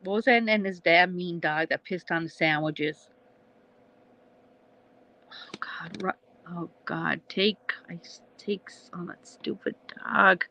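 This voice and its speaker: A woman's voice: lowish voice, unhurried, gravelly, pushed and bright, muffled recording. A woman hosting a casual livestream, rambling between thoughts, laughing often and swearing freely. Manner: laughs often, swears, trails off mid-sentence. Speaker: livestream host.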